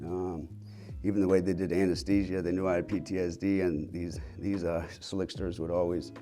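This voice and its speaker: A man's voice: sits low, little pitch movement, moderate pace, dark tone, faint music behind. A man in his thirties, a health center owner, candidly telling his personal story in a rambling way, with lots of fillers and casual swearing.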